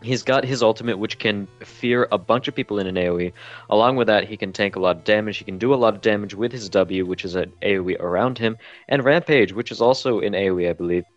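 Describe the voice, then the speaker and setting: A man's voice: lowish voice, fast talker, dull audio, faint music behind. A man casting a live esports match, often tripping over his words and restarting sentences. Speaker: esports caster.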